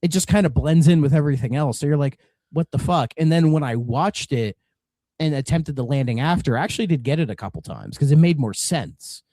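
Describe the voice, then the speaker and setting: A man's voice: on the high side, lively intonation, fairly quick, mellow, dry recording. A man co-hosting a retro game podcast in casual, rambling chat, swearing and drifting into rants. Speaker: podcast co-host.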